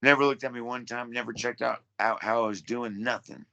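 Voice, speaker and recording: Gravelly blunt-talking man. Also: medium pitch, fairly even intonation, a little fast, bright, forceful tone, highs cut off. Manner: profane, blunt storytelling. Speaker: podcast guest. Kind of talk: casual interview.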